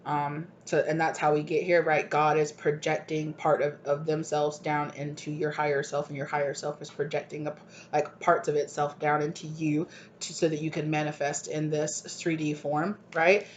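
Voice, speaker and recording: A tarot reader delivers a channeled collective reading, gushing and wandering and frequently asking "right?". Her low voice sounds flat at a normal speed, captured in dull lo-fi audio with faint hiss.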